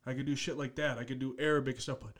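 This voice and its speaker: A man's voice: mid-range voice, level tone, fast. A man in casual podcast chat, joking around, laughing often and swearing casually. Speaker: podcast co-host.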